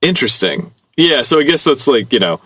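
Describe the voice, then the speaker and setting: A man's voice: mid-range voice, big pitch swings, fairly quick, a bit bright, breathy edge. A man in his thirties co-hosting a podcast, chatting casually and reading listener stories, rambling and musing with laughs between thoughts. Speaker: podcast co-host.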